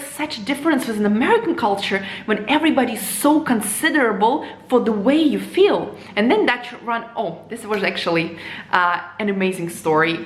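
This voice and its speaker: Animated woman. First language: Russian. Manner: animated, with frequent jumps in pitch and many "you know" and "like" fillers. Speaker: vlogger. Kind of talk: casual opinion monologue. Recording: echoey room.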